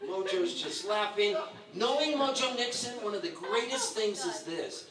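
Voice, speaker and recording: A man's voice: high-pitched, normal speed. A man in his sixties giving a roast tribute at a bar, telling stories with laughter and acting out quotes from others. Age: 60s. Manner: animated, laughing storyteller who acts out quotes. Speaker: roast speaker. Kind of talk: storytelling tribute at a live roast. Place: bar with a live audience. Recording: echoey room, distant mic, background noise.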